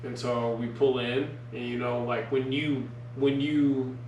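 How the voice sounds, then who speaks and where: A man's voice: mid-range voice, flat delivery, a little slow, a little mellow. A man telling a rambling, profanity-laced story in casual podcast chat, full of fillers, recorded in a roomy space away from the mic. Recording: roomy, distant mic, faint noise.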